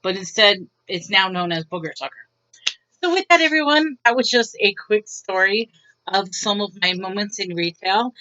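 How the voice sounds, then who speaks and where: A woman's voice: mid-range voice, animated, moderate pace, pushed and bright, clear, resonant tone, lo-fi sound. A woman casually telling retail stories to her viewers in a wry, bemused, chatty way, often restarting her sentences. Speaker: retail worker vlogger. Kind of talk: casual storytelling to camera.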